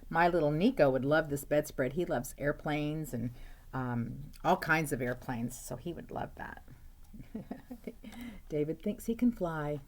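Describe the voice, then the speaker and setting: A woman's voice: deep voice, lively intonation, a little slow, darkish tone. A woman teacher reading a picture book aloud to children, chatty and asking them questions, with frequent "uh-oh"s.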